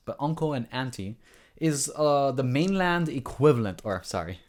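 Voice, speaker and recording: Hawaiian guy vlogging, earnest rambling storytelling, keeps restarting, medium pitch voice. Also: animated, moderate pace. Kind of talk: casual storytelling vlog.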